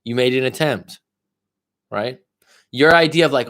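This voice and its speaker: Man, life coach, swears freely, blunt and emphatic, mid-pitched voice, coaching live. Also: moderate pace. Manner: blunt and profane; emphatic, repeats questions to push the listener.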